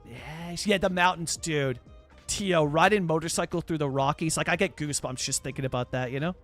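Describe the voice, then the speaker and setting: Bright high-voiced Canadian young man. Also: a little fast, soft background music. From British Columbia, Canada. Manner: rambling and chatty, heavy with fillers, reacting to viewer chat. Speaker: streamer. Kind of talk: casual live-stream chat while playing a city-building game.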